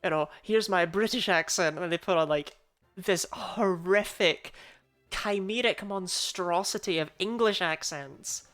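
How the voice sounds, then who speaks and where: A woman's voice: lowish voice, a little slow, fairly bright tone, soft background music. A Scottish woman streaming a game and chatting in a teasing, jokey way. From Scotland. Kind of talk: casual gaming chat.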